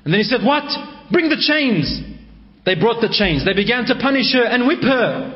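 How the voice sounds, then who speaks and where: A male preacher telling a story in a sermon, swinging between raised and hushed delivery. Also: high voice, expressive, fast, dull audio.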